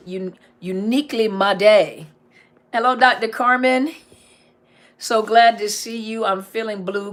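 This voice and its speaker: A woman's voice: mid-range voice, a bit bright. A middle-aged woman counselor on a casual live stream, reading viewer comments aloud and answering them, often repeating key phrases for emphasis.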